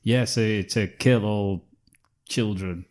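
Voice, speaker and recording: A man's voice: on the low side, slow pace, a little mellow. A man, co-hosting a podcast and throwing in dry jokes and laughs. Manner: dry jokey asides, frequent laughter. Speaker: podcast co-host. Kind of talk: casual film-review chat.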